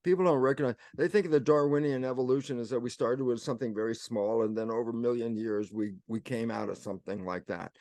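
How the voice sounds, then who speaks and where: Older male guest, lively explainer who acts out imagined exchanges, mid-pitched voice, dry close sound. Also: fast, few pauses, no room sound. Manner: animated storyteller acting out both sides of imagined exchanges. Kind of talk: casual conversational explanation.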